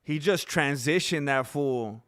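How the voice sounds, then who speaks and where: A young man with a high, bright voice reacts to fights on his live stream. He jokes constantly and laughs often, with an easy, excitable delivery. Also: a little slow, smooth. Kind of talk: live fight commentary chat.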